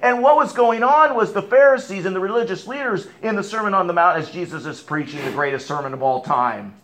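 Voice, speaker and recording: A man preaching a sermon as pastor, emphatic, asking rhetorical questions and dropping to quiet asides. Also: sits high, lively intonation, a little fast.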